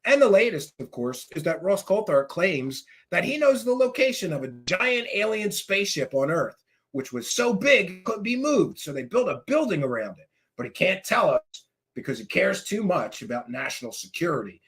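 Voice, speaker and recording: A male host delivering an angry, mocking commentary rant, sarcastic and at times shouting. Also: high-pitched, big pitch swings, normal speed, husky. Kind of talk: ranting commentary.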